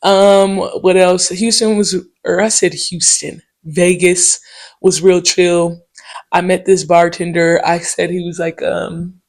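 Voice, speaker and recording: A woman hosts her own podcast in a relaxed solo monologue. She tells stories in a loose, slangy and profane way. Her delivery is animated, with quick asides and filler words such as "um" and "okay?". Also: lowish voice. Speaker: podcast host. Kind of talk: casual solo podcast storytelling.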